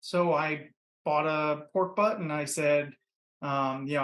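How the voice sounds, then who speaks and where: A man from Ohio, a podcast guest and pitmaster, telling his story in a relaxed, rambling way full of fillers. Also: fairly high pitch, moderate pace, roomy sound. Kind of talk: casual interview storytelling. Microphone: computer mic.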